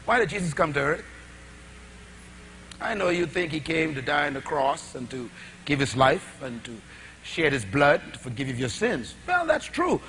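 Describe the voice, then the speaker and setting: A middle-aged man preaching a sermon, with dramatic swings between shouted lines and hushed asides, full of rhetorical questions. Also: on the high side, sing-song, moderate pace, a little hiss or hum.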